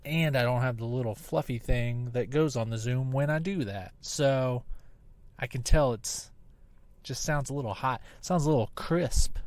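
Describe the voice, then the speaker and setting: A man in his thirties hosts his own podcast, swearing and rambling while still recovering from surgery. His voice is smooth and mid-pitched. He talks straight into a laptop mic that sounds hot, crisp and poppy. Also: moderate pace, darkish tone, dry recording. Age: 30s. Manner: profane, rambling, self-deprecating. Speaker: podcast host. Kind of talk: casual solo podcast monologue. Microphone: laptop mic on a video call app, close and popping.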